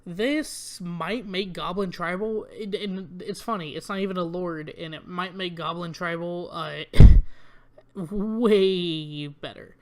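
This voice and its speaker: A steady, mid-range voice, a little slow and fairly bright, with few pauses. It belongs to a channel host who casually wanders through new trading card spoilers, saying um and uh often, reading cards aloud and griping about weak ones.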